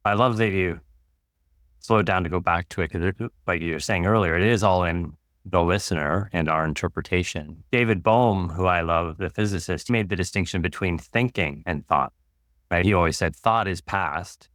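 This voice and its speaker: A man with a very low, deep voice, speaking as a guest in a calm, musing way. He lingers over words and ideas, and the recording is dry and close. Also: moderate pace, no room sound. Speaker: author and guest. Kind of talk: reflective conversation.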